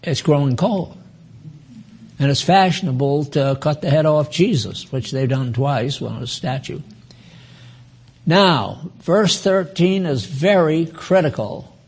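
A man in his nineties giving an informal Bible teaching, slow and chatty, with asides to his listeners. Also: fairly high pitch, animated, husky. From United States. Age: 90s.

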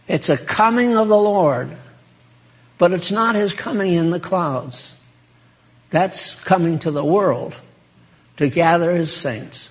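Slow, high-voiced folksy preacher man. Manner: folksy, chatty, addresses listeners by name, laughs often. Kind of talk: informal sermon.

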